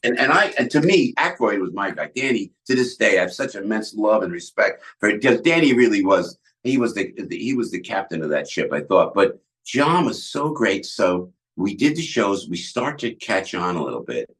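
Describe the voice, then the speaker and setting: An older man with a New Jersey accent, a guest telling animated backstage stories, jumping into character voices as he acts out scenes. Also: normal speed, hardly any pauses. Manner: lively, acts out other people's lines with big pitch jumps. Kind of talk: animated storytelling.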